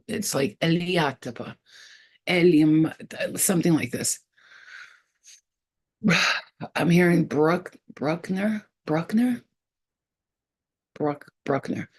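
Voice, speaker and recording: A woman's voice: sits low, darkish tone. A woman giving a spiritual reading straight to camera in a casual, blunt and profane way. She repeats points for emphasis and stops often as she sounds out names she says she is receiving. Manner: halting, trailing off while sounding out names. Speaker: psychic reader.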